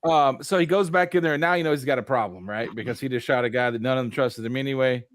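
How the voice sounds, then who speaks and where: A man hosting a casual review chat, animated and acting out scenes in little voices. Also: mid-range voice, quick pace, no room sound, studio quality. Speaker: host.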